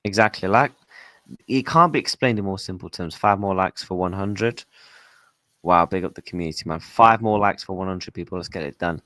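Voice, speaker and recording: A man's voice: low voice, moderate pace, bright, forceful tone, no echo. A man hosting a football fan stream, talking straight to his viewers in a casual way and repeating his points a lot. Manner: talks to viewers directly, repeats himself a lot. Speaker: fan channel host.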